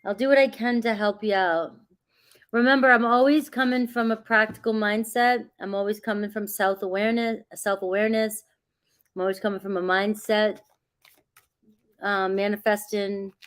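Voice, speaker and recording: A woman doing a casual livestream as a tarot reader, chatty and reassuring, greeting viewers by name and laughing often. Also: mid-range voice. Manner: reassuring, grounding spiritual guidance.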